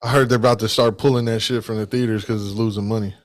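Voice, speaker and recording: A man's voice: lowish voice, steady tone, fast talker. A man co-hosting a casual comedy podcast, bantering in a joking, slangy, crude way. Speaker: podcast co-host.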